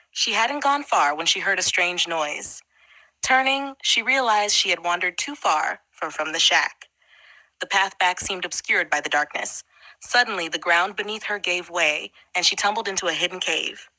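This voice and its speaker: A woman reading a fantasy audiobook in a steady storytelling manner. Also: on the low side, dry recording, poor audio. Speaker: audiobook narrator. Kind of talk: scripted fantasy audiobook narration.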